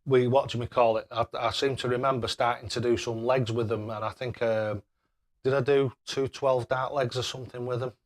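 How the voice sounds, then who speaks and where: A man's voice: mid-range voice, little pitch movement, a little fast. A man hosting a casual live stream, chatting away and thanking viewers by name with matey banter. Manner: matey banter, calls people mate.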